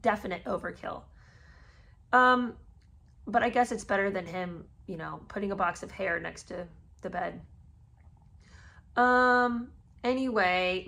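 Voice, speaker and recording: A woman reads passages from a memoir in a plain, steady voice, then cuts in with her own sarcastic, disbelieving commentary. She is a podcast host talking straight to her listeners. She sounds like a mother of three who has no patience for nonsense. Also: medium pitch, creaky. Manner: sarcastic, incredulous asides between read passages. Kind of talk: reading a memoir aloud with commentary.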